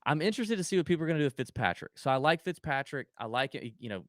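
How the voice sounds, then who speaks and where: Man, podcast co-host, casual animated chat, goofy sound effects, lively pitch, dry close mic. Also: very fast, no room sound.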